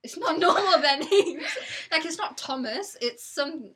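A young woman chatting casually as a co-host, excitable and quick to exclaim. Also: sits high. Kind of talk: casual chat.

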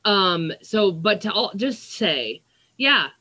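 A woman's voice: mid-range voice, sing-song, takes it slowly, pushed and bright. A young adult woman talking in a casual diary-style vlog monologue, rambling with lots of "like" and "um". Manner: rambling, with frequent "like" and "um" fillers. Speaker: vlogger.

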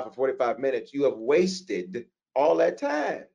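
A man teaching as a pastor, reading out listener questions and answering them in a conversational, animated preaching manner. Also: mid-range voice, moderate pace, vocal fry, muffled recording.

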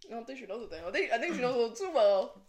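A young woman with a fairly high voice chatting on a podcast, giggling easily and filling her talk with "like" and "you know." Her voice rings a little in an echoey room. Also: big pitch swings, very fast, a little mellow, slight background noise. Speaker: podcast co-host. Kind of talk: casual chat. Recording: roomy echo.

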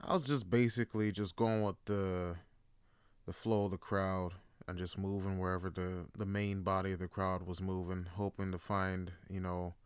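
A man hosting a show, telling stories in a relaxed, profane way with lots of fillers. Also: sits low, moderate pace, clear, resonant tone, dry recording. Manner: laid-back, profane, full of fillers like "like". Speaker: podcast host. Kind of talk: casual storytelling monologue.

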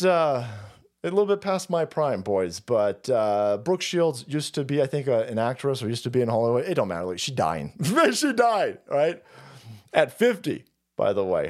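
Sarcastic foul-mouthed man with lively pitch. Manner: animated, swings into mock voices. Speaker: livestream host. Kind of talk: profane political commentary rant.

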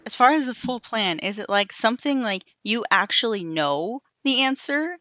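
A woman's voice: fairly high pitch, animated, moderate pace, sharp tone, no echo. A woman playing as a contestant on a movie review game, speaking casually and hesitantly with many fillers. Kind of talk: casual chat.

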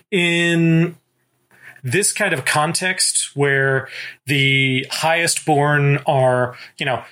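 A man co-hosting a casual book discussion, reading passages aloud and explaining them in a thoughtful, measured way. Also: fairly high pitch, fairly even intonation, bright, forceful tone, smooth. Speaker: podcast co-host.

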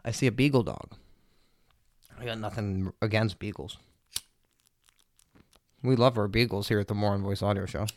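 A man's voice: lowish voice, steady tone, normal speed, long pauses, darkish tone, dry recording. Profane rambling male podcast host. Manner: loose, profane and jokey storytelling. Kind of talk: casual rambling podcast monologue.

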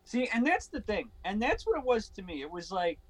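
Man, podcast co-host, high voice, emphatic and scornful, casual chat. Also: big pitch swings, a little fast, no room sound, poor audio.

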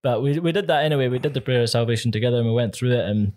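A man's voice: medium pitch, racing, darkish tone. Earnest Scottish man telling a story. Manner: earnest, laughs often between phrases. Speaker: podcast co-host. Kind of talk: casual storytelling.

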